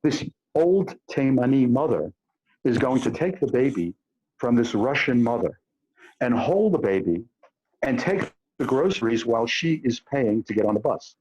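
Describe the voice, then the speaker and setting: A man's voice: medium pitch, animated, normal speed, darkish tone, slightly rough, dull audio. A man speaking as an expert on a panel, explaining through vivid everyday examples with frequent hesitations. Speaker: panel expert on immigration to Israel. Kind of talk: panel discussion talk. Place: based in Israel.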